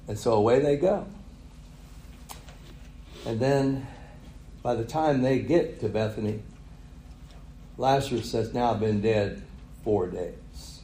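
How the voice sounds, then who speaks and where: A man's voice: medium pitch, slow pace, long pauses, mellow, reverberant, slight background noise, poor audio. A man preaching a sermon, retelling a story with chuckles and rhetorical questions. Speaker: pastor.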